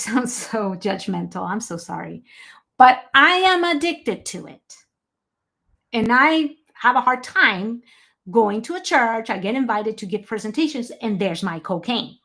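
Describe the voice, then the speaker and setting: A woman's voice: mid-range voice, gravelly, fairly bright tone. A woman giving an online health presentation, talking with emphasis and breaking off to apologise and answer viewers by name.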